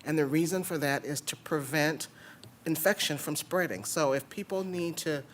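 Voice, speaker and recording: A man's voice: a little high, normal speed, slight background noise. A man speaking as a city council member at a public meeting, plain and matter-of-fact with some fillers.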